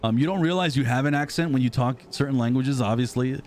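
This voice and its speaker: Fast-talking and a little mellow, this medium-pitched man is in his thirties and from the United States, with an American accent. He casually reads comments for live-stream viewers, rambling and self-deprecating, with a little hiss or hum in the recording.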